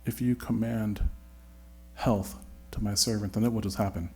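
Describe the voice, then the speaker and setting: A man voicing a calm, confident Roman centurion, speaking low and quietly. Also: normal speed, breathy edge. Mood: assured.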